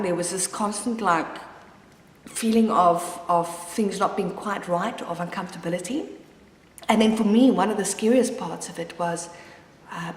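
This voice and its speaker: A woman's voice: medium pitch, a little hiss or hum. Open, rambly woman talking about her own life as a mom, lots of restarts, echoey room. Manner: candid, rambling, with frequent restarts. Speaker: mother sharing her story. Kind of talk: personal confessional vlog. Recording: roomy with long reverb.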